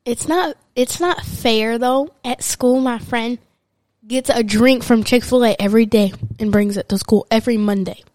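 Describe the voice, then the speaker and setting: A woman's voice: fairly high pitch, normal speed, darkish tone, dry recording. A young girl co-hosting a casual family podcast with her dad, explaining things matter-of-factly. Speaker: podcast co-host, daughter.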